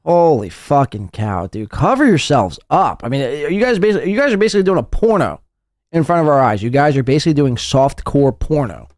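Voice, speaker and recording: A man's voice: a little high, big pitch swings, a little fast, a little mellow, dry recording, studio quality. A man hosting a podcast, reacting to clips with crude, mocking commentary and constant swearing. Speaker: podcast host. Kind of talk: profane commentary over clips.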